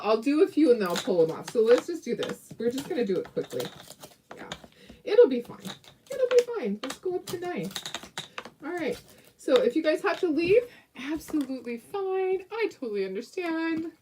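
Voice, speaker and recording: A woman's voice: high voice, sing-song, normal speed, noisy background. Chatty, giggly woman hosting a craft tutorial. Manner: chatty and giggly, with many restarts. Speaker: craft host.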